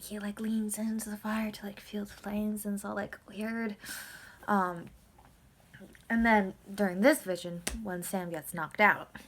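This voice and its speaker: A woman giving a casual, rambling recap of a TV episode, swinging between loud outbursts and whispers. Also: medium pitch, slight background noise. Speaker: video blogger recapping a TV episode.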